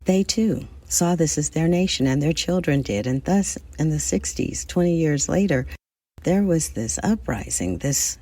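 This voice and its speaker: A woman podcast host from the United States speaks in a low, husky, gravelly voice. She talks in a thoughtful, measured way with lively swings of pitch and addresses her listeners directly. The sound is dry and close. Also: no echo. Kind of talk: reflective solo podcast monologue.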